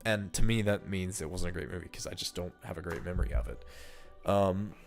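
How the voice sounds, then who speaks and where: A man's voice: low-pitched, expressive, brisk, gravelly, soft background music. A stuffed-up man chatting casually to viewers while ranking movies, thinking aloud with fillers and restarts.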